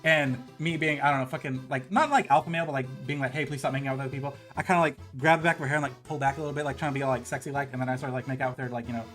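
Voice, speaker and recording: Fast-talking young man rambling. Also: mid-range voice, a bit bright, faint music behind. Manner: rambling, heavy on filler words and swearing. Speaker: streamer. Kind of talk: casual storytelling.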